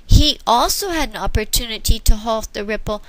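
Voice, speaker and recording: A woman doing a calm, wise old grandfather spirit. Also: on the high side, brisk, no echo, close to an everyday voice. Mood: reassuring. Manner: calm, gentle and reassuring.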